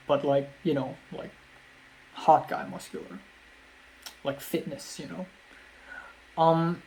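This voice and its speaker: A young man from Hong Kong telling a rambling, self-deprecating vlog story full of ums and repeated phrases. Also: fairly high pitch. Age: young adult. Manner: self-deprecating, laughs at himself. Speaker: vlogger.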